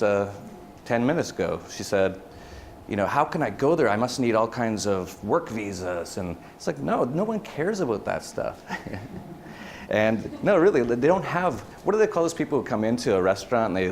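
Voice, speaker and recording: A man's voice: on the low side, a little hiss or hum. Rambling man giving a conference talk. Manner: rambling, many fillers and restarts. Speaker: conference speaker. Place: conference hall.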